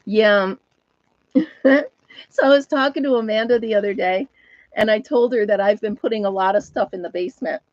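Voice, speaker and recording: A chatty woman hosts a casual live stream from home, easily amused and quick to laugh. Her voice sits in a middle pitch. The sound is dull and muffled, and the room is dry. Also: a little mellow, dry recording. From United States. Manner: chatty, laughs often, talks to viewers and her dog. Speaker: host of a live chat stream.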